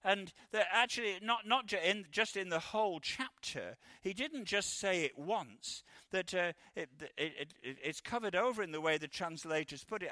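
A man preaching a conversational sermon, halting and restarting, acting out the quoted voices. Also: sits high, pushed and bright, dry recording, studio quality.

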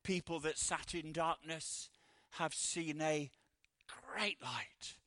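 A man's voice: fairly high pitch, little pitch movement, takes it slowly, fairly bright tone, no echo. A man preaching a sermon after reading scripture aloud, emphatic, often repeating words as he goes.

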